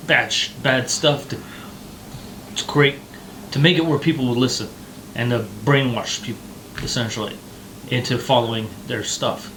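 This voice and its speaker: A man's voice: medium pitch, steady tone, moderate pace, long pauses, noisy background. A man co-hosting a casual talk show, ranting heatedly and swearing often. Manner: profane, heated ranting with mocking put-on voices. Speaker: podcast co-host.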